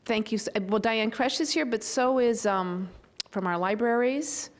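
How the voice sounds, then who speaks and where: A woman's voice: a little high, a little slow. A woman, a local official, hosts a public event as master of ceremonies, chatting informally with asides and fillers before reading a proclamation. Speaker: county board member, master of ceremonies. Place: public event room with an audience.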